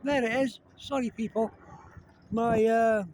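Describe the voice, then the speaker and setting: Filming outside on his phone, a man vlogs casual commentary, rambling as he talks viewers through what he sees. His very high, darkish voice stays fairly even in intonation at a measured pace, and the low-quality recording from his hand-cupped phone is marred by wind and helicopter rotor noise.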